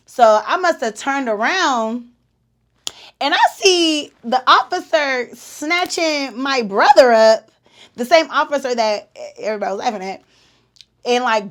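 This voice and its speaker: A woman, hosting a podcast and telling a story in an animated, slangy way with laughs. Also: a little high. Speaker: podcast host. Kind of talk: casual storytelling.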